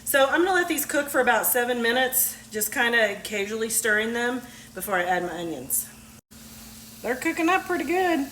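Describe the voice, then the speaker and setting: A very animated woman with a fairly high voice talks at normal speed, a bit of hiss or hum underneath. As a home cook vlogger frying on her stove, she chats folksily and laughs easily, the echoey kitchen loud with a sizzling pan and stirring.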